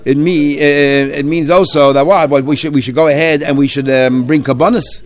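A man's voice: a little high, fairly even intonation, moderate pace. A man leading a Talmud study discussion, arguing and questioning, sprinkling in Hebrew and Yiddish terms. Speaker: Torah study teacher.

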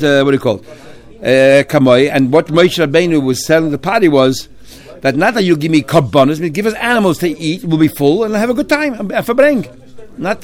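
A man leading a Talmud study discussion, arguing and questioning, sprinkling in Hebrew and Yiddish terms. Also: fairly high pitch. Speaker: Torah study teacher.

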